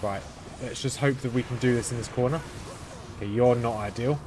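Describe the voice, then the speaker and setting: A man hosting a let's-play, talking through his game in a flat, understated way as he thinks aloud. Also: medium pitch, brisk, noisy background. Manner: monotone, understated delivery; thinking aloud while playing. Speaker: gaming channel host.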